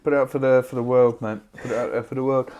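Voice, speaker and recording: A man co-hosts a podcast in casual chat, with a mid-range voice. He talks at a brisk clip and keeps things chatty and upbeat, dropping in the odd casual swear. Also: medium pitch, flat delivery, a little mellow, highs cut off. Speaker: podcast co-host.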